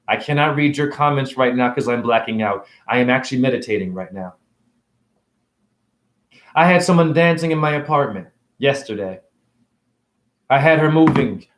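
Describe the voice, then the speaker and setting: Man, fairly high voice, ranting spiritual teacher, preachy and provocative, echoey room. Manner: preachy, provocative, swings between loud and soft. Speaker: self-styled spiritual teacher. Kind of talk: ranting vlog monologue. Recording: roomy echo.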